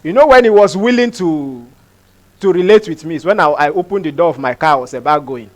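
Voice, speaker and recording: High-voiced pastor preaching emphatically. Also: male voice, lively intonation, a little fast. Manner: emphatic, repeats phrases, asks the crowd rhetorical questions. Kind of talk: sermon.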